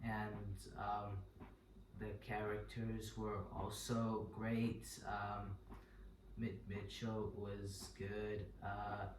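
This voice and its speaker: A man appearing as a guest, halting and full of ums. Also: lowish voice, little pitch movement. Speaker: guest friend. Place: in a house. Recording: roomy, from a distance, with noticeable noise.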